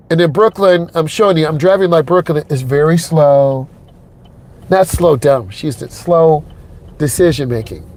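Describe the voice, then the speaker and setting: A man's voice: on the high side, a little mellow. A middle-aged man, a driving instructor, narrating a lesson from behind the wheel in a car. He talks straight to the viewers, emphatic and repeating himself. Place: inside a car on city streets.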